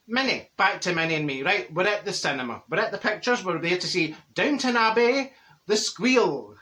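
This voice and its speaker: A brash, gossipy middle-aged Glasgow woman, played by a man with a Glaswegian Scottish accent, swooping through a lively, animated pitch. Her voice is bright and sharp as she spins theatrical comic tales to camera, breaking into laughs. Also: heavily acted. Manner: gossipy, exaggerated, bursts of laughter, theatrical outbursts. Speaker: comedy character monologue. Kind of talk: comic character monologue to camera.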